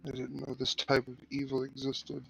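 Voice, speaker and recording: Gravelly, flat-voiced man. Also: medium pitch, moderate pace, soft background music, low-quality recording. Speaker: player in a tabletop game.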